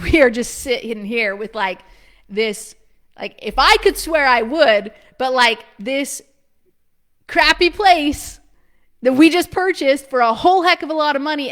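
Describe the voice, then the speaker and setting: A woman in her thirties telling a personal story in a lively, casual way, full of "like" and short laughs, acting out what people said. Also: sits high. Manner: animated, filler-heavy with frequent "like", quick laughs. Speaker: preschool business coach.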